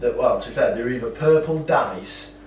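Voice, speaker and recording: A man's voice: medium pitch, a little fast. A young man, co-hosting a podcast and telling stories in heavy slang and swearing. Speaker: podcast co-host. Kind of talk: casual chat. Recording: roomy, distant mic, faint background hum.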